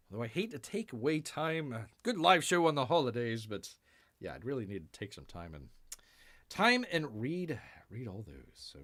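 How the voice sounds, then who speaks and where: A man hosting a live-stream news chat, rambling and speaking of himself in the third person, with drawn-out sighs and mumbled asides. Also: mid-range voice, a bit bright. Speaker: show host.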